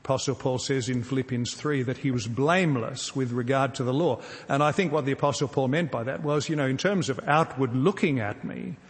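A man preaching a sermon, earnest and measured, often posing rhetorical questions to his congregation. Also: mid-range voice, long reverb tail. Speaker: pastor.

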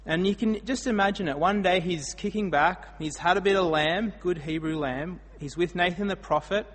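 An Australian man delivers a storytelling sermon, his voice husky and set a little high. He swings between loud emphatic bursts and quiet asides. The sound rings out in a hall with a long echo. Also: moderate pace. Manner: storytelling, dramatic swings in loudness. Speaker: preacher.

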